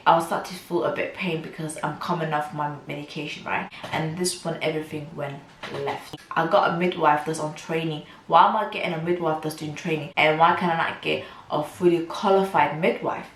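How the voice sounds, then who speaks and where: Young woman, storytime vlogger, lowish voice, indignant retelling, echoey room. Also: fairly even intonation, a little fast, few pauses, slight background noise. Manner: candid and indignant, acting out the lines of the people in her story. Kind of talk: storytime vlog, casual retelling. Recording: roomy echo with faint ambience.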